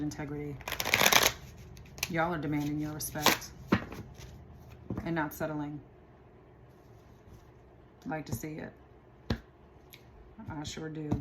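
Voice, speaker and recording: A woman's voice: sits low, heavy background noise. A woman giving a casual tarot reading, chatty and laughing often as she talks to her viewers. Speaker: tarot reader.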